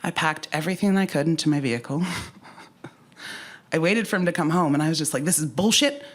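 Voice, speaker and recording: A woman's voice: low voice, normal speed. A woman telling a personal story at a live story slam, candid and conversational, with frank asides.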